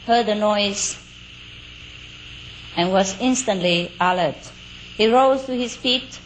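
A woman telling a folk tale aloud in a relaxed, unhurried way, with chatty asides, fillers and small laughs. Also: medium pitch, poor audio. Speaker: storyteller. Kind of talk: casual oral storytelling. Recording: faint outdoor cricket noise.

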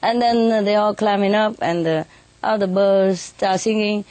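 A woman's voice: mid-range voice, steady tone, unhurried, darkish tone, no echo. A woman telling stories about her birds in a casual interview, chatty, laughing often and tagging lines with "you know". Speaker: bird keeper telling stories.

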